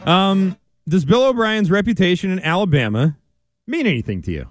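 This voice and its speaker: High-voiced joking man hosting a podcast. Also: sing-song, moderate pace, faint music behind. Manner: joking, laughing. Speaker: co-host. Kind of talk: comedic podcast banter.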